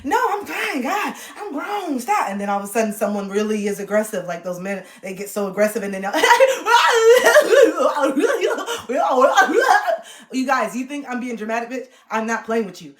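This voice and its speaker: A woman streamer telling personal stories frankly, swearing, dropping to hushed reflection and then bursting into loud laughing re-enactments. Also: medium pitch, steady tone, fast talker, hardly any pauses. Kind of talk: candid personal storytelling. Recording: echoey room.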